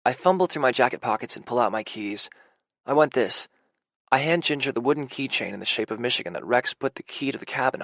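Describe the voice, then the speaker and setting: A man narrating a first-person romance audiobook in a quiet, intimate way. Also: fairly low pitch, dry recording.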